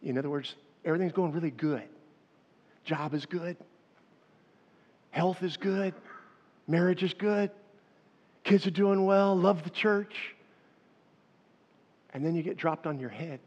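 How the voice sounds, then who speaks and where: A man's voice: fairly high pitch, measured pace, long pauses. A man in his fifties preaching a sermon, telling stories animatedly and talking directly to his congregation. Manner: animated storytelling, addressing the congregation. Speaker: pastor. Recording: echoey hall, dull lo-fi sound.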